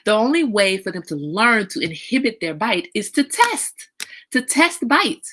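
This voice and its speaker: A middle-aged woman hosting a casual livestream talk, outspoken and animated, now and then slipping into a high sing-song voice. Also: a little slow. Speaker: host.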